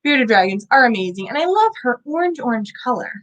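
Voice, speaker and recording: Bubbly, sing-song woman educator, a bit high-voiced, teaching kids indoors at an animal center. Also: big pitch swings, fairly quick, a bit bright, rough recording. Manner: bubbly, sing-song, asks children questions. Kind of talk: kids' lesson.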